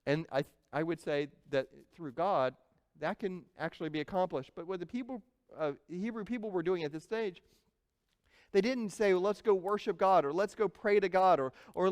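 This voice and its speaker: A man preaching a sermon as a pastor, telling the story with animated energy and acting out panicked crowds. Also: sits high, clear, resonant tone. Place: church sanctuary. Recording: church sanctuary with long reverb.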